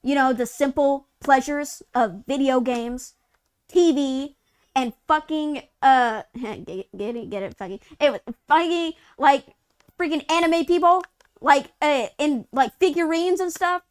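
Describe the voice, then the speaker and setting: A woman's voice: sits high, a little slow, dry recording. A woman co-hosting a live gaming news stream, ranting hard with profanity and firing off exasperated rhetorical questions. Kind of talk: casual live-stream chat.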